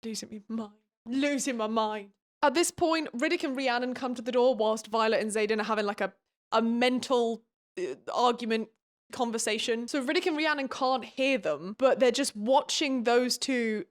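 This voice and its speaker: A young woman recapping a book in a casual, sarcastic, exasperated way, laughing often. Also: on the high side.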